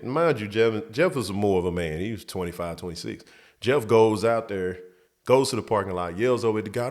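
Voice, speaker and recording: Lively low-voiced man telling a story. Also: fairly quick. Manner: animated, jumps up high when quoting others. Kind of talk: casual storytelling.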